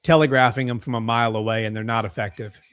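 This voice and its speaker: An excitable young man commentates a fight live on a home stream, breaking into eager exclamations at big strikes. His voice sits at a middle pitch and comes through dry and close on a desk mic. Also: fast, smooth, no room sound. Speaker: co-host of a fight watch-along stream.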